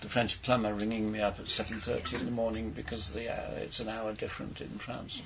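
A man's voice: fairly low pitch, level tone, brisk, very noisy. An older man, a poet on a panel, telling anecdotes in a hesitant way and repeating his words. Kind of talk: casual panel discussion.

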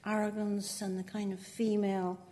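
An older poet from Northern Ireland, speaking with a Northern Irish accent, is the guest in a conversational interview. Her medium-pitched voice is warm and level at a moderate pace, and she chats freely, laughing often and making self-mocking asides.

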